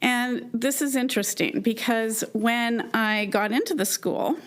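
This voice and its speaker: A woman in her fifties from Canada giving a personal keynote talk to a live audience, speaking earnestly and with emotion, with halting restarts. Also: a little high. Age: 50s.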